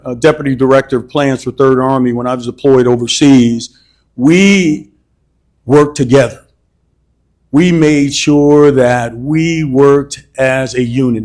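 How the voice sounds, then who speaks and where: A man in his sixties from Cincinnati, a retired fire chief running for council, speaking in a measured, methodical way with some hesitant fillers. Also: mid-range voice, a little mellow, poor audio. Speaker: council candidate. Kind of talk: campaign speech at community meeting.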